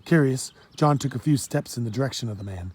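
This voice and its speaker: A man reading a children's storybook aloud in a steady, plain storytelling manner. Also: medium pitch, fast, breathy edge. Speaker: audiobook narrator. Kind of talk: storybook narration.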